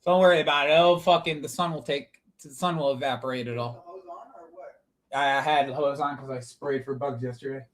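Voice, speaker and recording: A man hosting a live football watch-along, reacting loudly to the match and swearing often while talking to viewers as boys and bro. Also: mid-range voice, fairly even intonation, brisk. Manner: swears a lot, shouts at the referee, calls viewers boys and bro.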